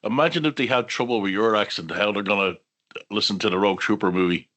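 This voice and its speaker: A man's voice: on the low side, quick pace, a bit bright. A man co-hosting a casual podcast chat, cutting in with blunt remarks. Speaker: podcast co-host.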